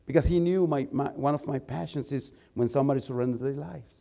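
A male preacher and missionary telling a story in a sermon, animated and repeating words as he gets excited. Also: medium pitch, quick pace, gravelly.

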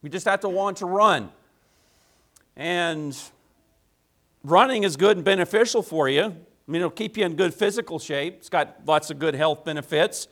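A man's voice: fairly high pitch, moderate pace, fairly bright tone. A male pastor preaching a sermon in a folksy, conversational way, with emphatic repeated phrases and rhetorical questions. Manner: folksy, conversational address to the congregation.

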